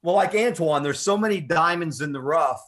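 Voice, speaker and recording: A man's voice: a little high, expressive, fairly quick, background noise. Encouraging male co-host. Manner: warm, encouraging, praises the guest. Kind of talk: casual interview.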